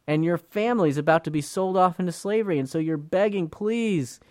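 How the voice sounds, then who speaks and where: A man's voice: fairly high pitch, fast, a little mellow, no room sound, studio quality. A man giving a conversational Bible teaching in an earnest voice, often repeating words as he talks. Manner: earnest, repeats words, acts out quoted speakers.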